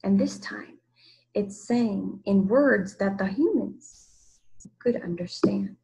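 A woman from Massachusetts, a teacher, reading a children's book aloud in a measured storytelling way. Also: mid-range voice, animated, gravelly, dark tone, a little hiss or hum, poor audio. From Massachusetts, USA. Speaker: teacher, guest reader.

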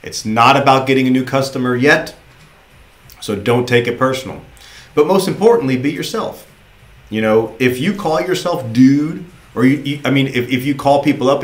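A man with a mid-range, lively voice speaks at a moderate pace while coaching recruits in a roomy space. He's a sales recruiter trainer giving a motivational training talk, casual and encouraging, and he repeats himself.

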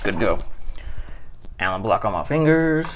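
A shaving vlogger chats casually while he shaves, his voice on the low side, sing-song, and at normal speed. He's laid-back and rambling, chuckling and laughing as he goes, with background noise behind him.

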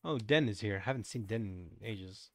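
A man's voice: lowish voice, lively intonation, normal speed, a bit bright, no room sound, clean studio sound. A young man streaming a game and chatting casually, playful and teasing. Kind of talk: casual gaming stream chat.

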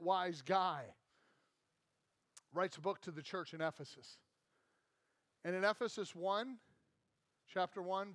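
A man's voice: high-pitched, fairly bright tone, no room sound. A middle-aged man with an American accent giving a sermon, telling stories casually with many fillers. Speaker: pastor.

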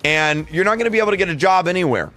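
A man's voice: high voice, lively intonation, rapid-fire, sharp tone, faint music behind. A young man streaming a game, launching into a mock rant and roasting someone in chat. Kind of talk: gaming livestream chat.

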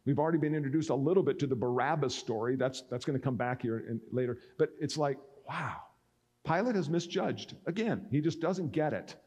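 A man's voice: mid-range voice, expressive, a little fast, a little mellow, breathy edge. A male pastor preaching a sermon, reading scripture and acting out the speakers' lines. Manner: expository preaching that acts out speakers' words.

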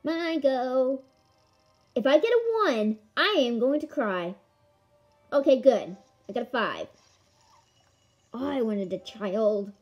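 A woman giving casual commentary on a board game she is playing, excitable, with melodramatic outbursts and playful taunting of her opponent. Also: on the high side, slow, pauses often, muffled recording, soft background music. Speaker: gamer filming a board game. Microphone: camera mic.

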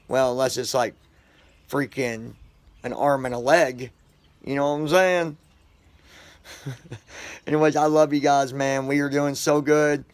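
Upbeat vlogger, a man with a slightly high voice who chats and jokes with viewers outdoors. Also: no echo. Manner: chatty, joking, upbeat, talks to viewers directly. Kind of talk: casual rambling vlog. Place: outdoors on concrete.

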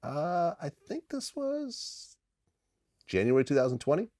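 A male interviewer asking questions and reading from his notes in a halting way, with many fillers. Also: a little high, sing-song, warm tone, no echo, studio quality. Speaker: interviewer host.

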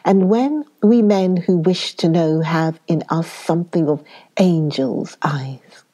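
Elderly foreign professor, effusive and solemn, slow measured delivery, read by a woman narrator in a low-ish voice. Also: dark tone. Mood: earnest. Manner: solemn, halting, oddly worded speech. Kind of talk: audiobook character reading.

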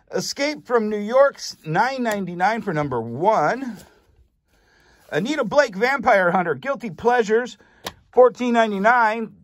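A man's voice: high-pitched, no echo. A man hosting a casual rundown of a comic shop's recent sales, chatting through items and prices and tripping over some names. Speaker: comic shop host reviewing sales. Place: comic and collectibles shop.

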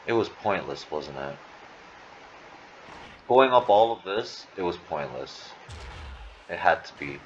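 A man's voice: deep voice, expressive, slow, pauses often, dull audio, a little hiss or hum. A man giving gameplay commentary, frustrated and swearing, often muttering to himself. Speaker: gamer.

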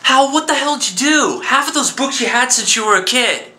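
Worried male friend on the phone, played by a man: earnest, coaxing, insistent, with a bright, forceful voice. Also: fairly high pitch, measured pace. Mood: pleading. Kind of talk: one-sided phone call drama.

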